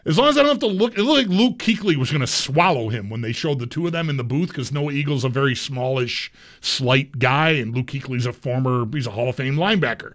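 A man's voice: medium pitch, animated, brisk, fairly bright tone. A man co-hosting a sports radio show, chatting casually and thinking his picks through aloud. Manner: conversational, mulling picks aloud.

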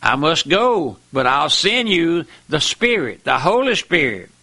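A preacher man delivers a fiery sermon, his pitch leaping all over. He speaks slowly and deliberately in a bright, ringing voice. He swings between hushed murmurs and high, emotional cries. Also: big pitch swings, creaky. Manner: repeats "my friend" and "listen".

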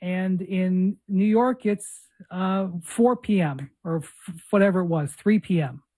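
A male podcast host with a husky voice, telling a lively story and acting out each person's lines. His delivery is casual and expressive. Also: high-pitched, unhurried. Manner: animated anecdote telling, acting out dialogue.

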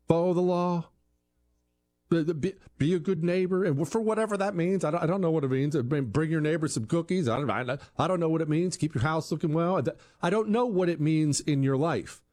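A commentary show host delivers an opinion monologue in a fairly high, slightly mellow voice. He poses rhetorical questions, acts out quoted voices, and often repeats words as he restarts.

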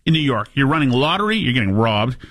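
A man hosting a talk show, giving sarcastic, animated political commentary. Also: mid-range voice, fast, no room sound.

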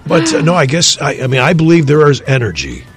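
A man's voice: fairly high pitch, sing-song, fast talker. A man hosting a radio show, reading the weather and chatting in a rambling, jokey way. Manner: rambling, jokey, self-interrupting. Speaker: radio morning show host. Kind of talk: casual radio banter and weather.

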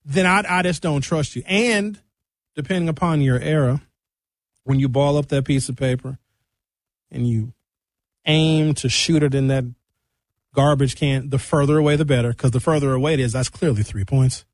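A young man doing animated stand-up storytelling, acting out quotes and jumping his pitch up for punchlines. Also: normal speed, dry recording. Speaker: comedian.

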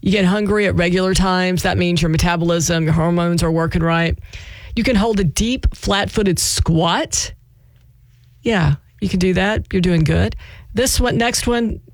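A woman's voice: lowish voice, unhurried, dry recording. Chatty self-mocking woman radio host. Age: adult, married. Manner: chatty, self-mocking, laughs mid-sentence. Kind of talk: casual radio chat.

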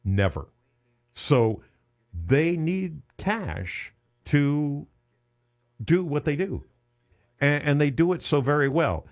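A man's voice: fairly high pitch, big pitch swings, slow pace, pauses often. A man hosting a charity radiothon on the radio, talking earnestly and often restarting with repeated words. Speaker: radio host.

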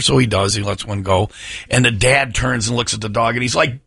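A male radio co-host in casual banter, rambling and self-interrupting as he tells an animated joke. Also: medium pitch, a little fast, gravelly, breathy edge, dry recording, studio quality.

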